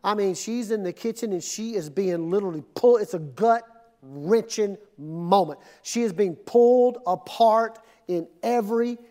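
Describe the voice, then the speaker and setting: A male pastor delivering a sermon in a church auditorium. His voice sits high for a man, and his manner is conversational and animated, drawing the congregation in with questions. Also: normal speed. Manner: conversational, animated preaching, asks the crowd. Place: air-conditioned church auditorium.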